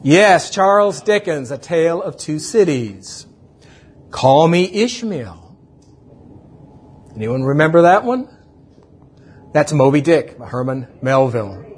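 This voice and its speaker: A male pastor speaking in a slightly high, husky voice. He reads scripture in a measured sermon cadence. Now and then he turns to playful quizzing of his congregation. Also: sing-song.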